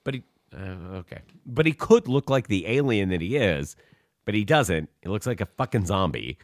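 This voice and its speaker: A man's voice: lowish voice, normal speed, dry recording, clean studio sound. A man co-hosting a podcast, animatedly retelling a movie plot with plenty of swearing. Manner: animated, profane retelling with acted-out quotes. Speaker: podcast co-host recapping a movie. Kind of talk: casual chat.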